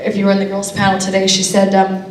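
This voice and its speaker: A woman's voice: medium pitch, quick pace, recorded from a distance, a little hiss or hum. A young woman, an actor guest on a convention panel, chatting casually with frequent laughs. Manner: chatty, laughs often, lively asides. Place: convention hall. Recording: echoey hall, picked up from afar.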